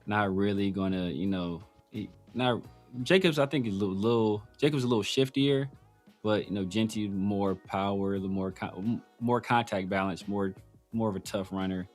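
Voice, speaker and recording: A man's voice: fairly low pitch, moderate pace, faint music behind. A man hosting a casual sports talk show, rambling with many restarts and fillers. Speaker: podcast host.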